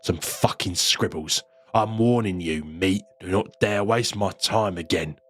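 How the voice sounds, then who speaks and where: Brief: crude menacing wolfman heavy, read by a man, slow gravelly threats, husky low tone. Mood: angry.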